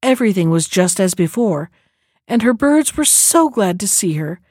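A woman calmly reading a fairy tale aloud in a measured storybook manner. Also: mid-range voice, husky, no echo, clean studio sound.

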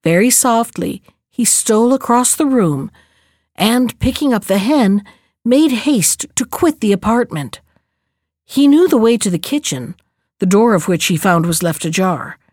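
A woman narrating a fairy tale aloud in a measured, expressive way. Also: on the high side, dry recording, studio quality. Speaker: storyteller.

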